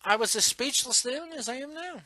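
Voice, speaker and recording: Man, podcast host, blunt profane rant, bright tense voice, dry close sound. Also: very high voice, expressive, dry recording. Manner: frank, profane, emotional, halting restarts.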